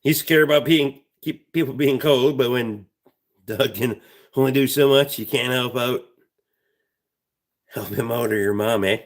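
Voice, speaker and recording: A man's voice: mid-range voice, unhurried, long pauses. A man hosting a livestream, telling a rambling story in a blunt, heavily profane way. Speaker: livestream host.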